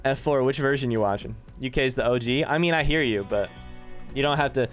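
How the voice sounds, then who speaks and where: A man's voice: mid-range voice, fairly quick, faint music behind. Frantic swearing male game streamer. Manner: swearing, reads chat aloud, frantic outbursts. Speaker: gaming streamer. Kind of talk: casual live-stream commentary.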